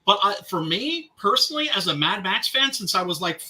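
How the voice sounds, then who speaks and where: High-pitched, bright-voiced emphatic man. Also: sing-song, fairly quick. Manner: emphatic, repeats himself, swears a lot. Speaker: podcast host. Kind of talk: casual chat.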